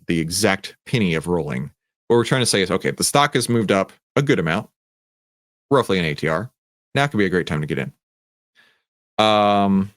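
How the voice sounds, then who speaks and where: A man with a fairly low voice answers viewer questions on a live trading stream, rambling and poking fun at himself. His pitch swings widely as he gets animated, and the sound is dry and close with almost no room. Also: dry recording. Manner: animated, rambling, self-mocking. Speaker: trading coach and stream host.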